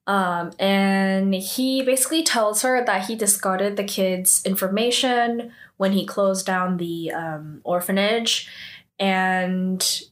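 A woman with a mid-pitched voice walks through a drama episode in a relaxed, offhand way. Her talk is scattered with fillers and small restarts, and she drops in her own opinions as she goes. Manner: loose and chatty, full of "like" and "um" fillers. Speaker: drama recapper. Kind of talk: casual spoken recap of a TV drama episode.

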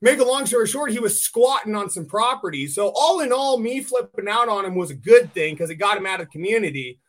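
High-voiced, blunt podcast host man. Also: a little fast. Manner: lively, blunt storyteller, swears casually. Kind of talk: casual podcast chat.

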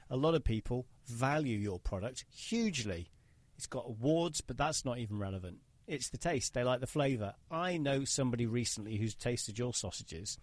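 A man's voice: mid-range voice, no echo. Opinionated male podcast host, dry sound. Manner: opinionated, emphatic, rambling. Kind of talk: casual interview chat.

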